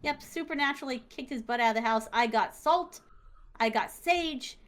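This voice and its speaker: A woman's voice: sits high, normal speed, fairly bright tone. A woman, an interview guest, telling a story casually and animatedly, acting out the dialogue with emphasis.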